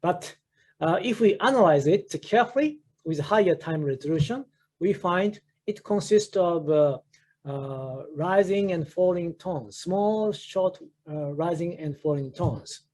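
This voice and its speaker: A man in his sixties with a Japanese accent, a professor, gives an academic research lecture. His voice is high and darkish in tone, with lively intonation and a slightly slow pace, and he uses many fillers and restarts.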